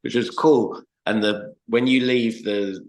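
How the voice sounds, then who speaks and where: A man's voice: mid-range voice, steady tone, slow pace, slight background noise, poor audio. A man guesting on a podcast, telling stories in a casual, chatty way with lots of fillers and some swearing. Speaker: podcast guest, band frontman. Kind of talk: casual storytelling chat.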